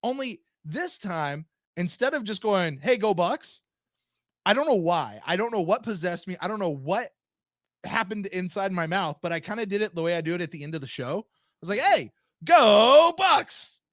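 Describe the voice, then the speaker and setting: A man hosts a fan podcast with a high, very expressive voice that jumps around as he tells anecdotes. He chats casually and animatedly, acting out other people's lines. The sound is close and dry. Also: normal speed, dry recording. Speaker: podcast host. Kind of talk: casual chat.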